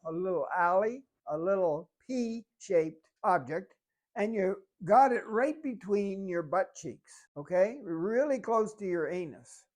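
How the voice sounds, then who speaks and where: A fitness instructor giving calm, step-by-step exercise coaching while demonstrating the moves. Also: medium pitch.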